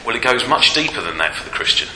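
A man's voice: medium pitch, sing-song, fast, bright, forceful tone. Man preaching a sermon, lots of um and isn't it, big roomy hall, faint hiss. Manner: rhetorical, many tag questions and fillers.

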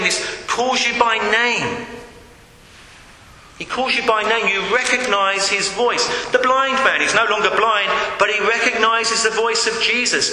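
A man's voice: high voice, bright, forceful tone. A man preaching an earnest sermon, rising into calls and appeals, in a church hall. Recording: echoey hall with long reverb.

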